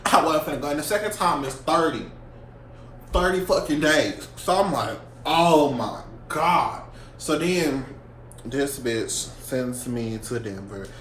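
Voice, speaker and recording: Young man, slightly high voice, lively profane storyteller, roomy echo. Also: unhurried. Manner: profane, animated storytelling with slang. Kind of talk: casual storytime vlog. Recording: echoey room with faint hum.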